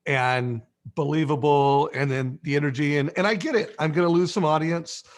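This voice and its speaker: A man's voice: fairly high pitch, steady tone, moderate pace. Agreeable male host thinking aloud. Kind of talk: casual interview chat.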